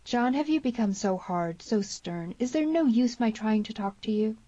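A woman's voice: a little high, lively intonation, moderate pace, dark tone, no room sound, muffled recording, pitched above the performer's own voice. A woman voicing an earnest young frontier woman. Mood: pleading. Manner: urgent, heartfelt pleading. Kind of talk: audiobook character voice.

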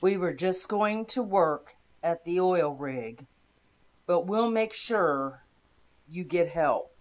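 A narrator voicing a friendly male oil rig worker who speaks in a brisk, helpful, reassuring way. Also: high voice, expressive. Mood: concerned.

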